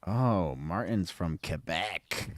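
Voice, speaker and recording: A man's voice: deep voice, animated, takes it slowly, no echo, studio quality. A man co-hosting a podcast, chatting casually and jokily during a live watch-along. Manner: laid-back, chatty, jokey. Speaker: podcast co-host.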